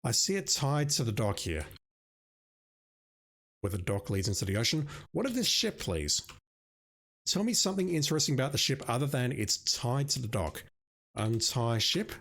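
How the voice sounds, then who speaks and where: A man's voice: mid-range voice, very animated, moderate pace, pauses often, a bit bright. A man playing an old adventure game and commenting with wry, self-mocking asides. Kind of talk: let's play commentary.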